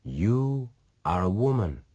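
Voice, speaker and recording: A male audiobook reader voicing a daring pirate captain who teases with dry, calm confidence. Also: lowish voice, takes it slowly, lo-fi sound, voice pushed up, heavily acted. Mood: mocking. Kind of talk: audiobook reading.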